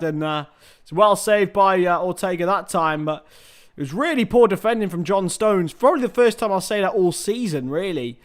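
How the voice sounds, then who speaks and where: A young man hosting a live football watchalong, chatting with viewers, swearing freely and shouting at big chances. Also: sits high, moderate pace. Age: young adult. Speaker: watchalong host.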